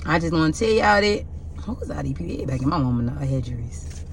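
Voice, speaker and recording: A woman's voice: sits low, lively intonation, quick pace, a little hiss or hum. A woman reading tarot who gives a heartfelt, preachy spiritual pep talk to her viewers, talking about her own hurts and often asking if they get what she is saying. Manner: heartfelt and confessional. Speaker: tarot reader giving spiritual messages.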